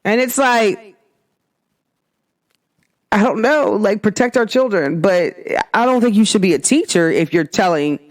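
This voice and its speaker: A woman's voice: medium pitch, expressive, a little slow, pauses often. A woman hosting her own podcast, talking in a casual, emphatic monologue full of rhetorical questions. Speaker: podcast host.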